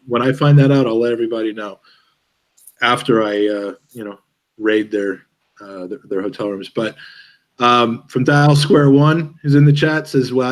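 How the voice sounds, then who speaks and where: Guy hosting a podcast, mid pitch, lots of ums and restarts, jokey. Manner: halting, jokey, many fillers and restarts. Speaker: podcast host. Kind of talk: casual chat.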